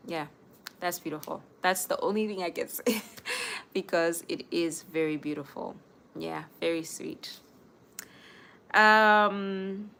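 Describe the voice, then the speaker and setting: A woman's voice: lowish voice, fairly bright tone, slight background noise. A young woman hosting a casual live stream, speaking earnestly and giving advice straight to her viewers. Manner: earnest, advising viewers directly.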